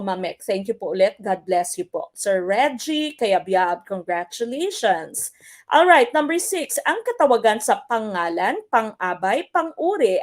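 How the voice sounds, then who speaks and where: A woman teacher with a Filipino accent leading a live-streamed exam review, switching between English and Tagalog and reading out viewer comments. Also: a little high. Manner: mixes English and Tagalog, reads out viewer comments, drills stress patterns.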